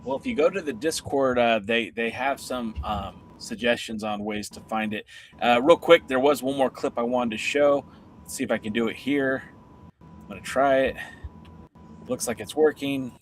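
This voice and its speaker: A man hosts a casual podcast, talking in an easygoing, chatty way. His voice sits at a middle pitch, with a faint background hum behind it. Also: moderate pace. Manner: chatty, fumbling with clips, easygoing. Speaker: podcast host.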